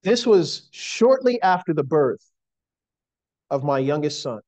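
A man's voice: a little high, sing-song, a little mellow, no echo. Earnest man preaching a sermon. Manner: earnest, slow emphatic delivery.

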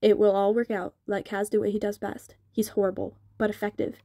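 Woman reading as young female thief, storybook reading, quiet, firm, flat delivery. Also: medium pitch, brisk, no echo, studio quality, close to an everyday voice. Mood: soothing.

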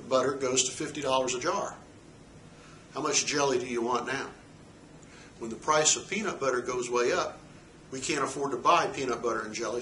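In a recorded economics lecture, a man poses rhetorical questions to the class and checks in with "okay?" His voice is medium-pitched and fairly bright, picked up by a distant mic in an echoey room with a little hiss or hum.

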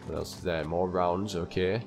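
A man's voice: sits low, flat delivery, normal speed, creaky, a little mellow, faint music behind. A man giving live gameplay commentary, talking to himself in a flustered way and repeating phrases as he plays. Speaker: gaming channel host.

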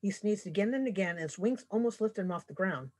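A woman author reading her own fantasy story aloud, expressive as a storyteller. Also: medium pitch, quick pace, breathy edge. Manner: expressive storyteller voicing characters.

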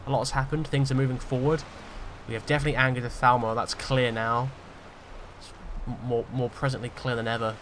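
A man hosting a role-play gaming video, talking in a groggy, monotone way. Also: medium pitch, a little fast, slight background noise. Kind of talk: role-play game commentary.

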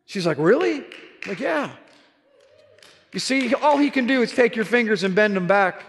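High-voiced preacher in an echoing hall. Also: male voice, expressive, a little fast, fairly bright tone. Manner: earnest storytelling with emphatic repetitions. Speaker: pastor. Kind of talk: sermon.

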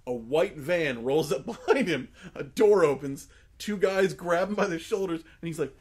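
A man, his voice pitched a little above the usual, chats casually on a podcast. He spins a long story, acts out each person in it and laughs often. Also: moderate pace. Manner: animated, acts out quoted people, laughs often. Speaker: podcast co-host.

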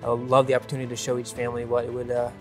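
A man's voice: mid-range voice, completely flat delivery, very fast, music in the background. A man, a college dean of admission, talking in an earnest, upbeat way with frequent fillers. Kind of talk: casual promotional chat.

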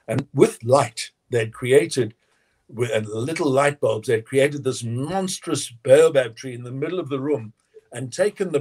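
A man, a winemaker guest in an interview, telling lively anecdotes and acting out quotes with frequent laughter. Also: mid-range voice, husky. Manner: animated storyteller, acts out quotes, laughs often.

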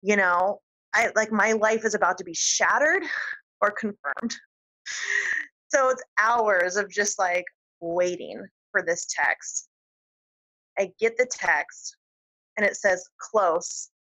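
A woman telling stories as an interview guest, animated and chatty and quick to laugh. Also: mid-range voice, rough recording. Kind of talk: storytelling interview.

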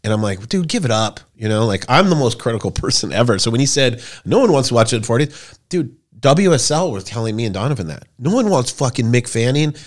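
A man in his forties, a podcast guest, tells stories in a casual, rambling and profane way, jumping into loud high voices when he quotes people. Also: animated, fast talker. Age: 40s. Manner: acts out quoted voices with big pitch jumps. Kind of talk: casual storytelling chat.

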